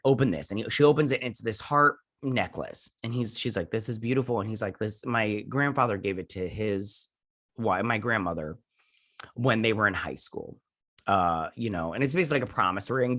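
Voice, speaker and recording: A man hosting a casual episode review, rambling through the plot with lots of fillers and quoted "he's like" lines. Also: mid-range voice. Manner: voices characters' lines in a flat retelling tone.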